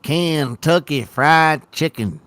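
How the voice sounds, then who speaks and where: Joking guy on a stream chat, smooth voice, talks slow, dry close sound. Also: on the high side, fairly bright tone. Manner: joking, playful, given to mock accents. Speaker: stream guest. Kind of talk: casual chat.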